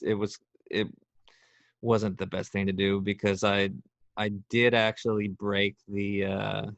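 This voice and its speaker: A man's voice: lowish voice, creaky, fairly bright tone, no room sound, muffled recording. Joking, rambling man on a podcast. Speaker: podcast guest. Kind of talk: casual chat.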